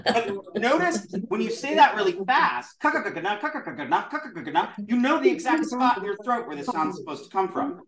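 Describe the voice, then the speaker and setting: Lively high-voiced man teaching a class. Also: moderate pace, few pauses, far from the mic, a crowd in the background. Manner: lively, demonstrative, drills sounds aloud. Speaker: Sanskrit teacher. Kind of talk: classroom lesson with call-and-response. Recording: roomy echo in a classroom.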